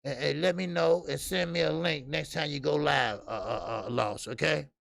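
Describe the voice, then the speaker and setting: A man's voice: a little high, normal speed, vocal fry, a bit bright. A middle-aged man hosting a boxing show in loose, profane, joking casual chat, full of filler sounds. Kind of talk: casual live-stream chat.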